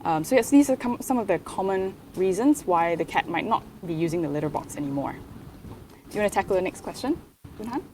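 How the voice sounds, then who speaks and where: A woman veterinarian explaining pet care in a measured way. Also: medium pitch, animated, a little mellow, slight background noise.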